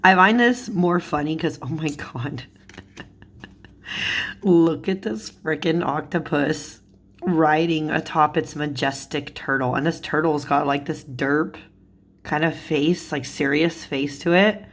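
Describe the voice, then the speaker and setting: Giggly low-voiced woman chatting. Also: slow. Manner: giggly, chatty, lots of "like" fillers. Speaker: tarot YouTuber. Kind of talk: casual chat showing cards.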